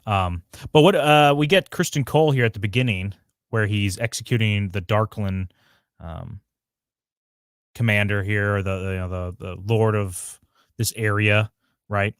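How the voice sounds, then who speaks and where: Low-voiced man chatting casually. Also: measured pace, clear, resonant tone, dry recording, clean studio sound. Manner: rambling, searches for names, laughs often. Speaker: podcast co-host. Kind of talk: casual review chat. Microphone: home mic on a livestream.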